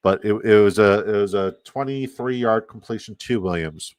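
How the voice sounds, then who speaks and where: A Canadian man with a lowish voice chats loosely on a live stream, rambling and dropping casual profanity as he reads messages aloud. He sits close to his mic in a dead, dry room. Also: moderate pace, no room sound. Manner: rambling, profane, reacting to chat. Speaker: fantasy football streamer.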